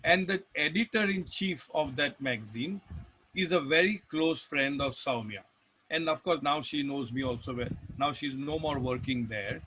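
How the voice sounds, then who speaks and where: A man's voice: a little high, moderate pace, bright, forceful tone, husky, low-quality recording. A man with an Indian English accent giving a rambling spiritual talk, telling stories with restarts and emphatic lists. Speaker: devotional speaker.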